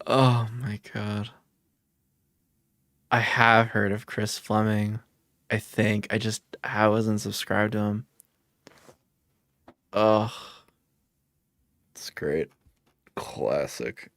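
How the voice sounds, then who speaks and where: A man's voice: fairly low pitch, very slow, gravelly, pauses often, fairly bright tone, no room sound, studio quality. A man hosting a livestream, chatting casually, joking and teasing, and reading chat messages aloud. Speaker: livestream host.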